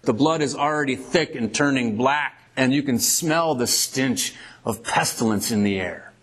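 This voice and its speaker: A male preacher in the middle of a sermon, reading scripture aloud and unpacking it in vivid detail. He speaks emphatically, stretching out key words, and his voice sits at an ordinary middle pitch. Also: a little slow, a bit bright.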